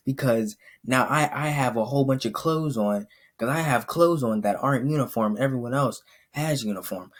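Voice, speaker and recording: A man's voice: mid-range voice, normal speed. A young man hosting a reaction video, chatting in a laid-back, self-mocking way. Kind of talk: casual reaction commentary.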